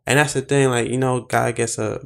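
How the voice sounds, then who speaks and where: Male podcast host, gravelly, earnest and reflective, casual chat. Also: medium pitch, little pitch movement, brisk. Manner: reflective, earnest, speeds up when stirred. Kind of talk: casual conversation.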